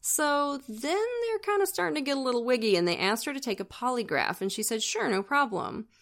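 A woman's voice: sits high, animated, fairly quick. Give me a woman casually telling a true-crime story with wry asides. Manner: chatty, wry asides to the listener. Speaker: podcast co-host.

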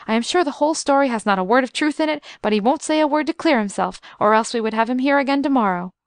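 A woman voicing an impulsive, warm-hearted older gentleman who is a father, speaking emphatically, in a storybook reading. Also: sits high, expressive, fast, no room sound, clean studio sound. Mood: delighted.

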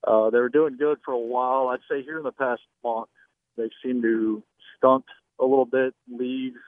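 A man's voice: mid-range voice, no room sound. A man calling in to a radio garden show, hesitant and polite, with many fillers. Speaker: caller. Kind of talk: phone call to a radio show. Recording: tinny phone line.

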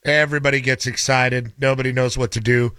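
Grumbling bright-voiced male radio host. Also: mid-range voice, level tone, fairly quick, clean tone, no echo. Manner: grumbling, dry, self-described cranky. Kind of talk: casual on-air banter.

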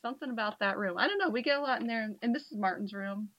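A woman with the hiccups tells her paranormal stories in an animated, laughing way. Her voice is bright and forward. The sound is close and dry, with no room around it. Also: on the high side, rapid-fire, dry recording, highs cut off. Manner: animated, laughs often while telling stories. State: has the hiccups. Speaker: paranormal investigator guest. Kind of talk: casual storytelling chat.

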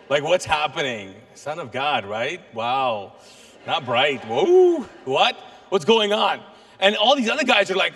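A man preaching a sermon as a pastor, telling a Bible story with animated asides and acted-out lines for the people in it. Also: fairly high pitch, moderate pace, big-room sound. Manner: animated storytelling, acts out voices of biblical figures.

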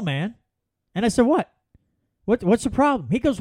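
A man hosts his podcast alone. His voice sits high and swings widely as he spins folksy stories, and the sound is dry and close. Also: moderate pace, long pauses, breathy edge, no room sound. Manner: folksy, animated storytelling with repeated restarts. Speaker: podcast host. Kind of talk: solo political commentary.

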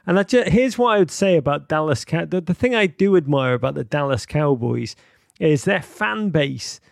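Gravelly-voiced man hosting a call-in show. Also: a little high, lively intonation, normal speed, dry recording, studio quality. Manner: rambling, repeats words, warm and emotional. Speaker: podcast host taking callers. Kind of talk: live call-in show chat.

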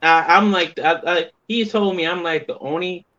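A man with a bright, forceful voice that sits a little high tells stories from behind the scenes in wrestling. He is animated, jumps into other people's voices for quotes and swears freely. The recording sounds dull and lo-fi. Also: normal speed. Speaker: wrestler guest. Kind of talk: casual interview storytelling.

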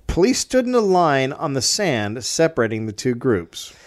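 A man's voice: mid-range voice, sing-song, normal speed. A man hosting a comedy podcast, telling a history story from notes with wry asides and the odd stumble.

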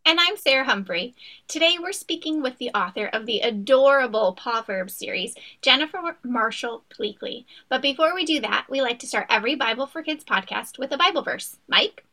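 A woman's voice: high-pitched, expressive, moderate pace, bright, forceful tone. A woman co-hosting a podcast, reading an upbeat scripted introduction of her guest. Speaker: podcast co-host.

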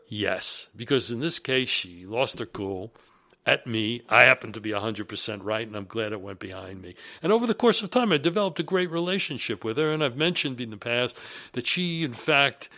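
A business executive recounts his career in an animated monologue. He is deliberate and emphatic, and his voice is mid-pitched. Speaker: executive telling career stories. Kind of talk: storytelling monologue.

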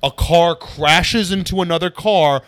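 A comedian guest telling animated stories in a casual podcast chat, with frequent swearing. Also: male voice, fairly high pitch, unhurried. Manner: animated storyteller, swears a lot.

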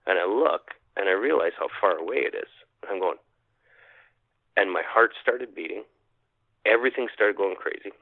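Canadian guy telling a wild story on a phone-quality line, kinda deep voice, keeps repeating himself. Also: moderate pace, long pauses, no room sound. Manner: animated storyteller, acts out his own thoughts, repeats phrases. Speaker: podcast guest. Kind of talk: telling a personal encounter story. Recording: dry tinny phone-line sound.

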